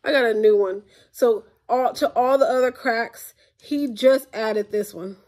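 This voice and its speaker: A young woman vlogs from home, chatting casually to camera through her tablet's built-in mic and sounding exasperated. Her voice is a little high, a little slow, and slightly mellow.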